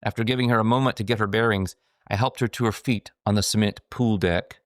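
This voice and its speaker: A middle-aged man with a slightly low voice reads his own memoir aloud, wry and self-mocking. The recording is dry and close, with no echo around the voice. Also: steady tone, fast. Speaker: author narrating his own book. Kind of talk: scripted memoir narration.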